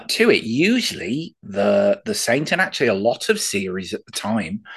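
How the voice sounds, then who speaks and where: A man with a husky, slightly raspy voice talks about old television in a loose, joking way. He often pauses and restarts with ums as he works out what to say. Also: mid-range voice. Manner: jokey asides, hesitant with many ums. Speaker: podcast co-host. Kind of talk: casual chat about old TV.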